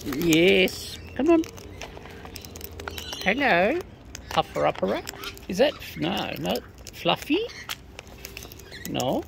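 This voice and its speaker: A woman feeding wild birds in her garden coaxes them with sing-song baby talk, speaking extremely slowly with vocal fry, long pauses, and big swings around a medium pitch. Bird calls and animal noises sound in the background of her vlog.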